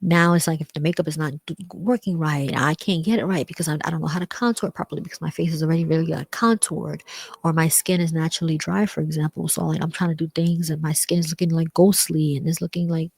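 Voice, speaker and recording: A woman talking candidly about growing up, rambling with many fillers and acting out other people in a higher voice. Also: fairly even intonation, fast talker, gravelly, darkish tone, slightly rough, no room sound. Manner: rambling, frequent "like" and "um", acts out quoted voices higher. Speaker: vlogger. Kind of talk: personal reflective talk.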